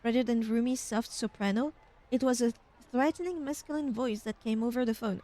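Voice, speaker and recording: A young woman streamer reading a game's text aloud with expressive narration and casual asides. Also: fairly high pitch, fairly quick.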